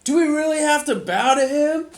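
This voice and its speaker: A man voicing a defiant townsman, a former guild fighter, in a high, loud, indignant whine. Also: expressive, normal speed. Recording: echoey room sound.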